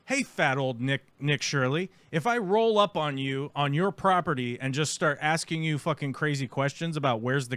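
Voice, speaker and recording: Man, stream host, mocking and profane, slightly high voice, dry close mic. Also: fairly bright tone, no room sound. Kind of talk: profane live commentary on clips.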